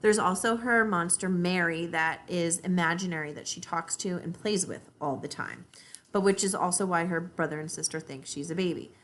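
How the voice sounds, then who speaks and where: A woman teacher reading a children's book aloud and guiding a reading lesson in an expressive voice. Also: fairly low pitch, normal speed, slight background noise.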